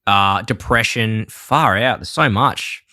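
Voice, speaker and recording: A man co-hosting a podcast in casual chat, excitable and quick to laugh. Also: fairly low pitch, no echo, studio quality. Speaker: podcast co-host.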